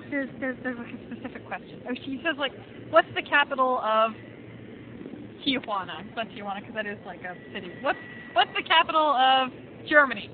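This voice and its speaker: A young woman vlogging outdoors, chatting casually and saying "like" all the time as she tells stories. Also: high-pitched. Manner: chatty, peppers speech with "like", animated storytelling. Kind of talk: casual chat. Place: outdoors at an airport, wind. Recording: lo-fi phone-like band, loud wind noise.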